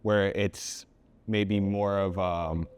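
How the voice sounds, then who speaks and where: A man's voice: low voice, steady tone, very slow, a little mellow. A man hosting a casual interview, asking hesitant, rambling questions. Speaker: podcast host.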